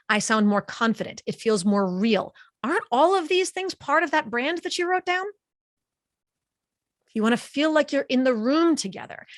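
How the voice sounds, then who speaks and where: A woman giving an online webinar presentation in a lively, conversational way, speaking close to a studio microphone. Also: fairly high pitch, dry recording.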